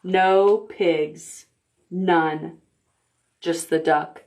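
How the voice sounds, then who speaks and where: A woman librarian reading a picture book aloud to preschoolers, pointing out the pictures as she goes. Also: on the low side. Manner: slow, animated, pointing out pictures to children. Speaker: children's librarian.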